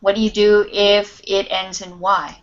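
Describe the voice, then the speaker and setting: A woman's voice: mid-range voice, little pitch movement, unhurried. A woman teaching an English class online, patient and encouraging. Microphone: video call. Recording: muffled lo-fi video call audio.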